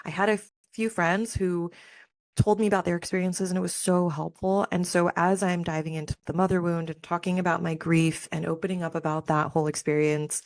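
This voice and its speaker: Low-voiced woman hosting a candid spiritual podcast. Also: flat delivery, brisk, no echo. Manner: candid and emotional, many fillers like "like" and "man". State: near tears at times. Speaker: podcast host. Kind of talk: personal spiritual podcast monologue.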